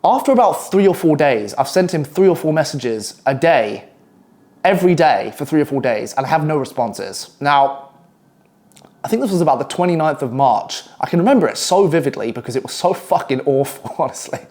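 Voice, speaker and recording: A young man with a British accent tells a work story straight to camera in a loose, casual way. His voice sits a little higher than most men's. He swears often and breaks into quick, animated asides. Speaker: copywriter telling a work story.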